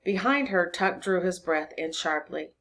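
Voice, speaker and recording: A woman reading a children's novel aloud to a class, narrating expressively and pausing to check the listeners understand. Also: on the low side. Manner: expressive reading, voices for each character. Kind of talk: storybook read-aloud to a class.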